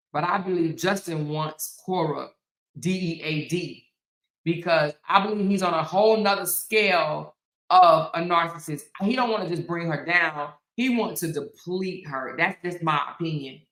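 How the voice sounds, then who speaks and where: A woman hosting a commentary show delivers an opinionated monologue emphatically, repeating phrases and often checking in with "right?" Her voice is low yet bright. The sound is roomy with noticeable echo.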